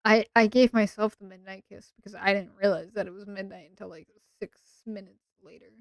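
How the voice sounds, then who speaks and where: A woman's voice: mid-range voice, fairly even intonation, a little fast, no echo. Sleepy, teasing woman streamer. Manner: rambling, playful, teasing. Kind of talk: casual late-night stream chat.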